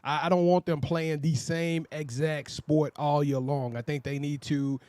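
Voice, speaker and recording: A man from Texas co-hosting a sports talk show, hyping up local athletes in a casual, energetic way. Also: fairly high pitch, unhurried. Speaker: sports podcast co-host. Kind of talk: casual chat.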